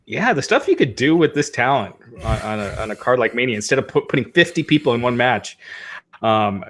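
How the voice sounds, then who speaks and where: A man hosting a podcast, giving measured opinions with frequent hesitations and fillers. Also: mid-range voice, lively intonation, a bit bright, slight background noise. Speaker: podcast host. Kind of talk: casual podcast chat.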